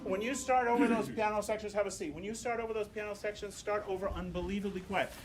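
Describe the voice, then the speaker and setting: A man conducting a choir rehearsal, coaching singers with animated, demonstrative instructions and bursts of sung examples. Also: sits high, fast, crowd noise.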